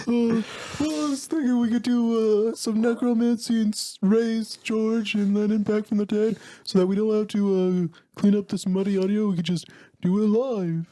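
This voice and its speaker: A man's voice: high voice, steady tone, normal speed, mellow, voice pushed up, close to an everyday voice. A man putting on an impression of a middle-aged rock musician, rambling with lots of hesitations. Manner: hesitant, filler-heavy rambling.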